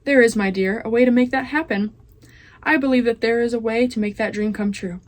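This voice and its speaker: A woman's voice: on the high side, a little fast, lightly acted. Teen girl voicing a silky scheming rat villain. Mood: smooth, scheming. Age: teens. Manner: silky, overly polite and formal. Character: smooth-talking scheming male rat villain.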